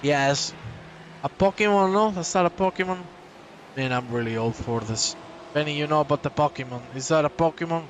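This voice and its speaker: A man giving live sim racing commentary, energetic and joking with his co-host between race calls. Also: on the high side, brisk, slight background noise.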